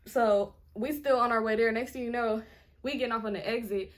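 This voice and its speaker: A woman in her twenties telling a storytime in a chatty, animated way, full of "like" and acting out what people said. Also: on the high side, fairly quick. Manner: chatty, animated, heavy on filler "like", acts out others' lines. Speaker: vlogger. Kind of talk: casual storytime.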